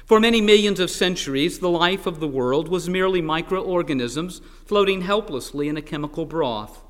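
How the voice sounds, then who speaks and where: A man's voice: fairly high pitch, lively intonation, moderate pace, fairly bright tone, long reverb tail. A man voicing an indignant, proud squishy sea creature who talks in a prim, touchy way. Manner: prim, huffy, insists on being rational.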